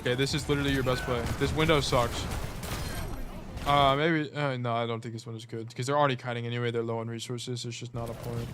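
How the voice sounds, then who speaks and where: A man's voice: mid-range voice, flat delivery, quick pace, noisy background. A man coaching a player through gameplay footage in a casual, blunt way, often repeating short commands. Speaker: game coach.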